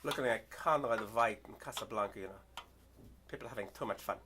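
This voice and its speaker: An older man performing a story poem dramatically, swinging from loud outbursts to hushed whispers. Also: lowish voice, a little fast, noisy background.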